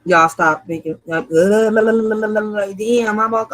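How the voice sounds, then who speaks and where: A woman hosting a casual livestream. She swears freely, laughs often and talks straight to her chat in an animated way. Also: mid-range voice, moderate pace. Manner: animated, laughing, profane, addresses the chat directly. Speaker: livestream host.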